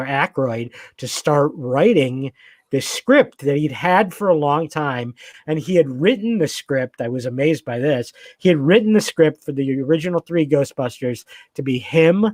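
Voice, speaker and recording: A man's voice: a little high, animated, unhurried, dry recording. A man in casual podcast chat, talking with enthusiasm and rambling through many fillers and restarts.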